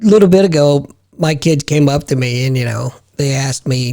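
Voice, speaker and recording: A man's voice: medium pitch, normal speed, warm tone, dry recording. Joking man, dry close sound. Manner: joking, sardonic. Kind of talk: casual panel chat.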